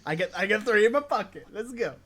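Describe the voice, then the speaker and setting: A woman playing a podcast film quiz, excitable and boastful about her points. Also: medium pitch, fast talker, crowd noise. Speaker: podcast co-host, quiz player. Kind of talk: casual podcast chat.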